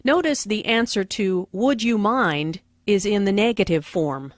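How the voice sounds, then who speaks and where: Slow, carefully enunciating woman teacher. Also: medium pitch, animated, no room sound, clean studio sound. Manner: slow, deliberate, clearly enunciated. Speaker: lesson narrator and dialogue reader. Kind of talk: scripted language-lesson narration.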